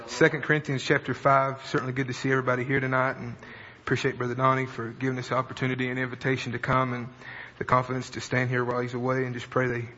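A man's voice: mid-range voice, monotone, quick pace, few pauses, bright, forceful tone. A man preaching in a church service, folksy and chuckling between lines. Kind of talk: sermon. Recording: lo-fi recording in a reverberant church with a congregation.

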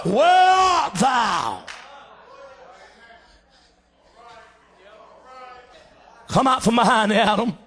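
Commanding almighty God, put on by a male preacher; high, lively, shouted lines. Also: exaggerated voice. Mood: calling out.

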